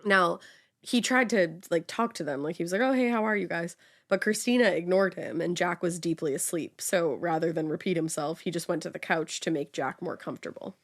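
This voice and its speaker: Casting note: woman, lowish voice, casual true-crime storyteller, chatty. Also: brisk. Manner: chatty storytelling with many fillers. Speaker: podcast co-host telling the story.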